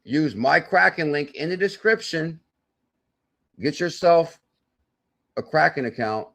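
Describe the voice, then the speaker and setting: A man hosting a live crypto stream, talking in an excitable, salesy way with loud outbursts, thinking aloud as he works through sums and reads the viewer chat. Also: on the high side, measured pace, creaky. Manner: thinks aloud while doing sums and checking charts. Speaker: crypto channel host.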